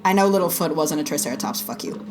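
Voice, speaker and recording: A woman's voice: low-pitched, animated, fast talker, music in the background. A woman giving a casual reaction commentary to a cartoon, chatty and joking, laughing between remarks and swearing now and then. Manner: occasional swearing. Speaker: video reactor.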